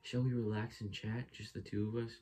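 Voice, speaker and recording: A man voicing a gentle young princess in a game, in a soft, raised, breathy voice. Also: lowish voice, little pitch movement, brisk. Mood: sweet.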